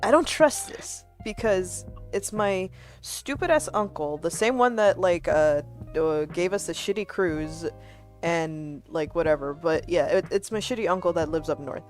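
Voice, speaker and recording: A woman's voice: lowish voice, a little slow, soft background music. Woman ranting with cheerful profanity. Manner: profane, animated ranting with laughs. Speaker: streamer. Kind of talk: casual chat on a livestream.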